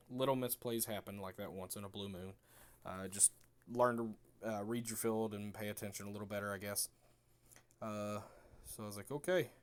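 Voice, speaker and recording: A young man with a lowish voice talks through a card game match in an easygoing, chatty way. He slips into quick acted-out lines for himself and his opponent as he goes. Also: clear, resonant tone. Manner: relaxed and chatty, acting out both players' remarks. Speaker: card game video creator. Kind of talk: casual match recap commentary.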